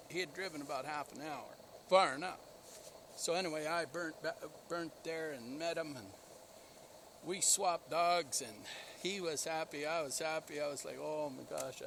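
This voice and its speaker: Dog breeder, chatty and rambling, a bit high-voiced, outdoor noise behind him. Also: male voice. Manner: rambling, enthusiastic, laughs at himself. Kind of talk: casual storytelling vlog.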